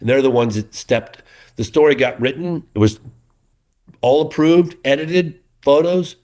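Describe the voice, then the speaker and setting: This unhurried, medium-pitched speaker is a middle-aged documentary filmmaker talking informally in an interview. His animated stories come with many restarts and performed quotations.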